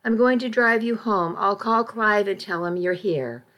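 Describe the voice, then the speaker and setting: A woman voicing a caring, firm middle-aged aunt in an audiobook, gentle but stern and pleading. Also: medium pitch, unhurried, natural voice. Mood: concerned, stern. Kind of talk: audiobook reading.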